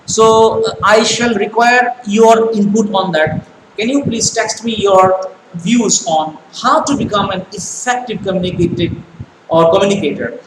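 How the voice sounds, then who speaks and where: A man teaching a live online class, talking haltingly with many fillers and repeated phrases as he addresses his students. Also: high voice. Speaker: English teacher. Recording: echoey room with clear background noise.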